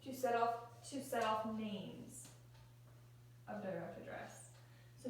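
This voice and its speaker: A woman's voice: fairly high pitch, slow pace, pauses often. Woman teacher walking kids thru grammar, patient, echoey room, faint background hum. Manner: patient, explains step by step, asks questions. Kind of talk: classroom grammar lesson. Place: classroom. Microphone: phone recording from across the room. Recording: echoey room, distant phone mic.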